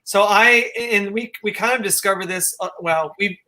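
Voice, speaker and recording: A man's voice: high-pitched, normal speed, sharp tone, poor audio. A man hosting a live panel interview over a video call, asking rambling, enthusiastic questions. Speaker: host.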